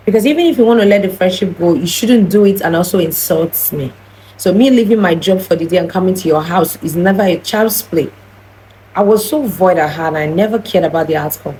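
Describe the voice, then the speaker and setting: A woman's voice: lowish voice, a little fast, darkish tone, slight background noise, poor audio. A young woman tells a personal story in an earnest, heated vlog style, often restarting her sentences. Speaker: vlogger.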